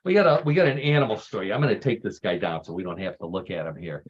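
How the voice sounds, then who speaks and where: A lower-pitched man hosting a relaxed radio talk show. He rambles through odd news items and slips in corny puns. His voice comes through slightly dull and lo-fi. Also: fast, slightly rough. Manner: jokey storyteller, groan-worthy puns.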